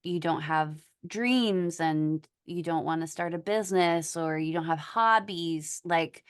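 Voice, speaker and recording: A woman hosting a casual podcast chat, speaking earnestly and haltingly with many pauses. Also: on the low side, clean tone. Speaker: podcast host.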